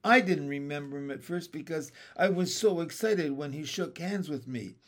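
A man's voice: on the high side, normal speed. A man reading aloud, voicing an earnest, eager teenage boy in a storybook.

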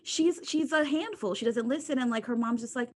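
A young woman co-hosting a podcast, giving quick, exasperated commentary in casual chat. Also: fairly high pitch, darkish tone, breathy edge. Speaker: podcast co-host.

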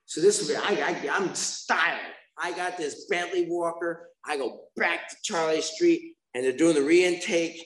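A man's voice: fairly high pitch, measured pace, few pauses, echoey room, low-quality recording. A man sharing his recovery story at a meeting, rambling and self-mocking, with asides to the listeners.

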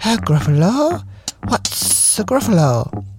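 A sly storybook snake voiced by a man, slow and coaxing, drawing each word out. Guitar music plucks along softly behind. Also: high voice, huge pitch swings, pitched above the performer's own voice, full character voice. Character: sly, smooth-talking hungry snake.

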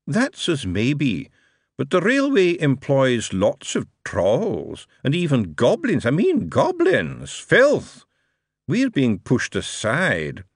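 A man doing a bitter dwarf plotter in an audiobook, slow and scornful with a conspiratorial edge. His pitch leaps about, and the sound is dry and close. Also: huge pitch swings, gravelly, husky, dry recording, exaggerated voice. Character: bitter male dwarf plotter, hateful, in shadows.

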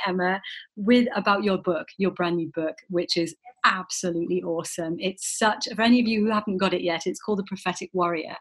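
A woman's voice: lowish voice, steady tone, fairly quick, husky. A woman hosting a talk show, effusive and gushing as she introduces her guest and asks about her book. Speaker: show host.

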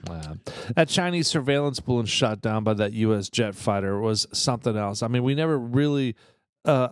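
A man's voice: mid-range voice, dry recording, studio quality. A man co-hosting a podcast in casual banter, rambling along with fillers and restarts. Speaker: podcast co-host.

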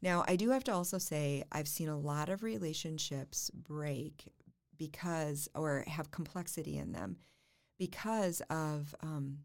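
A middle-aged woman, a family and marriage therapist, giving thoughtful, measured answers in an interview. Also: deep voice, expressive, darkish tone. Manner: thoughtful, measured, builds points through repetition.

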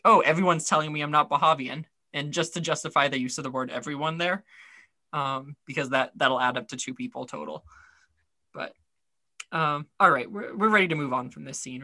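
Podcast co-host, casual rambling chat, forceful tone, dead dry sound. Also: medium pitch, no room sound. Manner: rambling, many fillers, wry asides. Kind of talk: casual discussion of a TV episode.

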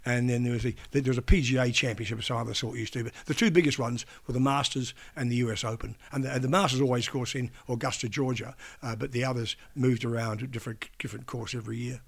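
An older man who spent years in broadcasting speaks fast in a creaky, medium-pitched voice with fairly even intonation and few pauses. During a casual interview he rambles through anecdotes, restarting sentences and imitating people he met.

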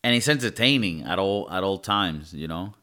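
A man's voice: low-pitched, animated, moderate pace, pushed and bright. A man co-hosting a casual movie review podcast, swearing often and restarting his sentences. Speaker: podcast co-host.

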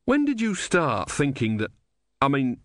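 A man's voice: medium pitch, huge pitch swings, a little slow, dry recording, studio quality, pitched above the performer's own voice. A man voicing a naive, pious young male novice monk, speaking earnestly and a little hesitantly.

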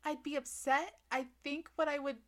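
A woman's voice: high-pitched, little pitch movement, moderate pace, fairly bright tone. A woman co-hosting a podcast, chatting casually and sarcastically about a book, acting out the characters' lines with giggles. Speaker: podcast co-host. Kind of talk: casual chat recapping a book.

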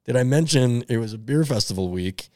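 A man's voice: medium pitch, lively intonation, brisk, a little mellow, no echo, studio quality. A man telling a funny story in a casual podcast chat, laid back and laughing between lines.

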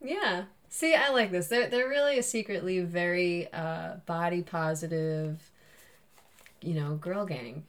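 A woman co-hosting a podcast in casual chat, mostly reacting with quick exclamations and laughter. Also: lowish voice. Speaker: podcast co-host.

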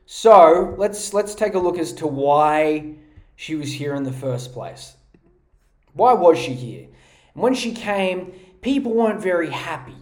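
A man's voice: a little high, a little mellow, echoey room. A man hosting a podcast, ranting in a mocking, profane comedic style on a podcast mic. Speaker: podcast host.

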